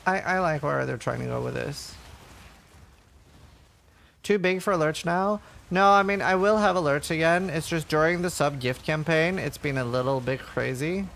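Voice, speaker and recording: Guy streaming and rambling to chat, kinda high voice, lots of ums. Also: normal speed, creaky, a bit bright, slight background noise. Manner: chatty, reads chat questions aloud, rambling with fillers. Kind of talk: casual live-stream chat while gaming.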